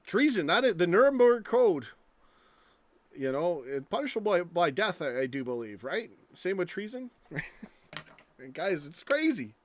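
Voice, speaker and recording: A man's voice: high-pitched, sing-song, measured pace, long pauses, slight background noise. A man hosting a live stream, ranting angrily with lots of swearing and rambling stories. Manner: angry, profane, rambling rant.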